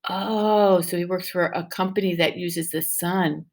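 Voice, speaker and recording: A woman's voice: lowish voice, a little slow. A woman teaching first grade, reading a picture book aloud to young children and coaxing them with questions. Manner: animated and encouraging, with exaggerated questions to the class.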